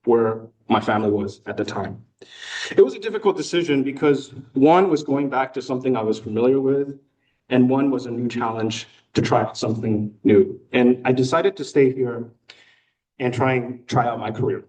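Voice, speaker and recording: A man's voice: medium pitch, moderate pace, a little mellow. A man in his thirties from Hong Kong with an American accent, giving a prepared personal speech to a club with self-deprecating humor and occasional filler words. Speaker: new club member giving a talk. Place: meeting room. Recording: voice picked up from a distance.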